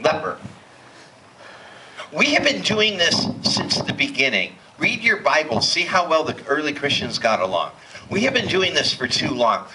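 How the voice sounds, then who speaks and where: A man's voice: fairly high pitch, sing-song, normal speed, noisy background. A man preaching a sermon in a church, impassioned and building to emphatic peaks. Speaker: pastor. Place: church hall.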